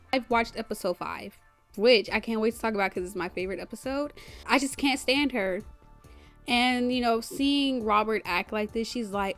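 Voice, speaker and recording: A young woman casually recapping a TV show, animated and blunt, swearing freely as she retells scenes. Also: on the high side. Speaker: recap host.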